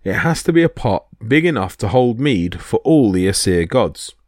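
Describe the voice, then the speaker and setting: A man's voice: fairly low pitch, sing-song, moderate pace, darkish tone, dry recording, clean studio sound. A man voicing a brash, boastful male thunder god who talks bluntly and cockily. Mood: cocky. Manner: blunt and cocky.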